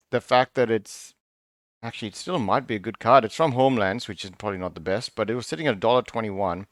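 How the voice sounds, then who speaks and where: A man's voice: on the low side, fairly bright tone, dry recording, clean studio sound. A man hosting a casual card review, thinking aloud in a musing, half-sarcastic way, often breaking off and restarting. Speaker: card review channel host.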